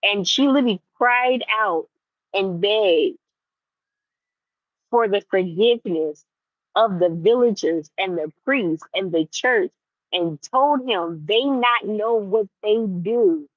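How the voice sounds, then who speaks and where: A young woman vlogging in a casual, animated rant to her viewers, repeating herself for emphasis. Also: mid-range voice, slow pace, dry recording, narrow, tinny audio. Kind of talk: casual ranting chat to viewers.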